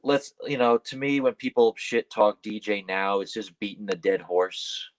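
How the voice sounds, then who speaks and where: A man with a lowish voice rambles through stories as a guest on a casual podcast. He leans on fillers and swears now and then. When he quotes his own startled replies, his voice shoots up. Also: moderate pace, poor audio. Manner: acts out quoted lines in a high, startled voice. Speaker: wrestler guest.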